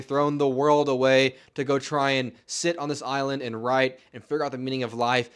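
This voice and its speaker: Male movie reviewer, mid-pitched, casual and blunt, prone to exclamations.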